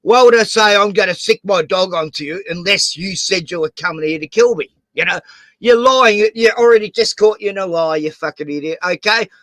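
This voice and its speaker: Older man, stream host, high and sharp, exasperated and foul-mouthed, dry close mic. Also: brisk, dry recording. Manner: swearing, exasperated, talks over. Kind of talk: heated livestream argument.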